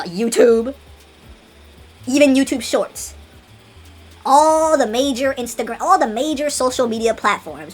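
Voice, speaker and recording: A woman voicing a scheming male villain who taunts slowly and gloats. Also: medium pitch, natural voice. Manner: slow, taunting villain speech.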